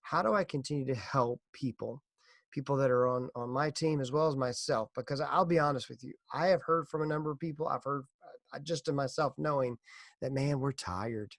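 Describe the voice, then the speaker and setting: Earnest podcast man with gravelly voice. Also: mid-range voice, brisk, no room sound, clean studio sound. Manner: earnest, encouraging, tells a corny joke. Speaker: podcast host. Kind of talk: casual motivational podcast talk.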